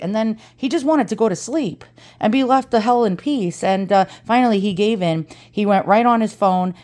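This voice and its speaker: Chatty, dramatic, and quick to curse, a woman with an East Coast American accent unboxes finds for her antiques reselling vlog. She speaks at a moderate pace in a medium-pitched, somewhat dark voice.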